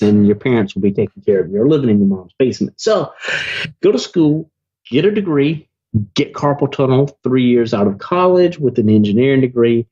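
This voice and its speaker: A chatty man with a Southern drawl tells stories with a wry, joking edge. His voice is husky and a little breathy. The sound is dull and lo-fi, like a remote call. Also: medium pitch, a little mellow. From South Carolina, US. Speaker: podcast guest, business owner. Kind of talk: casual interview chat.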